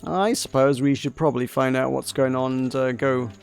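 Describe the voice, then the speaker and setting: A man's voice: mid-range voice, fairly even intonation, moderate pace, creaky, a little mellow, smooth, faint music behind. A man casually commenting while playing a story game, wry and a little rambling. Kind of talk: casual let's play chat.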